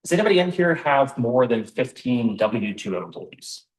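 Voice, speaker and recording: A man's voice: mid-range voice, big pitch swings, normal speed. A man presenting a business training to a live room, conversational, with many ums and questions to the audience. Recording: roomy, voice from far off the mic.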